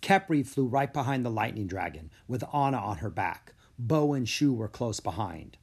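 A man narrating a children's story in an animated storybook way. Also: medium pitch, normal speed, husky.

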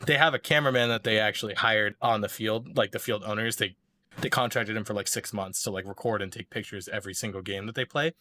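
A man's voice: on the low side, fast talker, sharp tone. A man telling a story in casual chat, rambling with lots of fillers and restarts.

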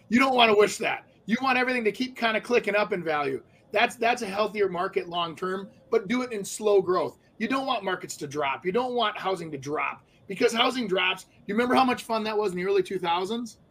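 A man's voice: high voice, expressive, brisk, a bit bright, a little hiss or hum, low-quality recording. A man co-hosting a casual real estate talk, chatty with many fillers and restarts. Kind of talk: casual chat.

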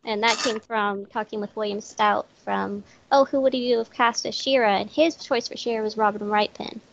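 A woman with a Southern US accent, giggly and easygoing, pitched a little high. She is heard through a dull, muffled lo-fi recording. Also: fairly even intonation, normal speed, vocal fry, a little hiss or hum. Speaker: podcast guest co-host. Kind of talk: casual chat. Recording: dull lo-fi audio.

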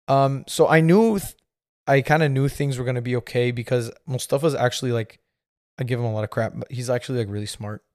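This podcast host, a man in his thirties, tells a meandering casual story packed with fillers, chuckling as he talks. He speaks at medium pitch, a little fast, with a darkish tone, captured in a dry, studio-quality recording.

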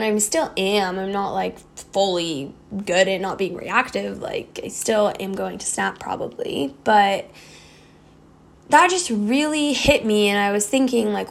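Young woman host, relaxed reflective talk, lots of fry, meandering delivery. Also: medium pitch. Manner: rambling, heavy use of "like" fillers. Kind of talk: casual reflective monologue.

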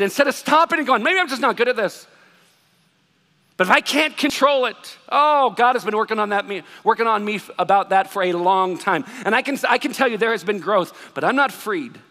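Bright-voiced pastor preaching in a hall. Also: male voice, very high voice. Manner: conversational, animated, self-deprecating humor. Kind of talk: sermon. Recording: long reverb of a large hall.

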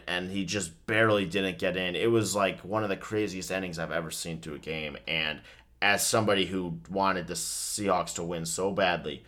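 A man talking casually about football as he watches a game, ranting and swearing and swinging between excitement and flat disappointment. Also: deep voice. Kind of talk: casual sports chat.

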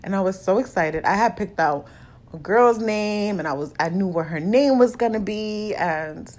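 A woman's voice: medium pitch, animated, normal speed, darkish tone. A young adult woman hosting a solo podcast, talking candidly and confessionally with casual swearing. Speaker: podcast host.

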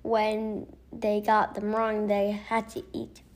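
A woman reading a story aloud slowly, stumbling over words and getting corrected. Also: medium pitch, monotone. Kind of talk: slow read-aloud.

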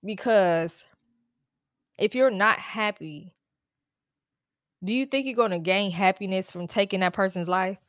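A woman's voice: mid-range voice, a little slow, pauses often, no room sound, studio quality. Blunt, exasperated woman podcast host. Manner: blunt, exasperated, profane, with frequent "like" fillers. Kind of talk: casual solo podcast rant.

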